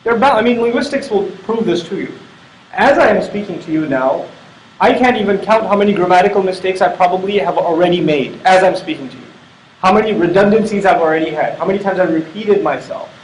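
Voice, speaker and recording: A middle-aged man gives a Quran lecture in a high-pitched voice, explaining with heavy repetition. The echoey hall rings around him with a faint hum of ambience underneath. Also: a little fast. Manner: explanatory, repetitive emphasis, acts out quoted dialogue. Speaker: Islamic speaker.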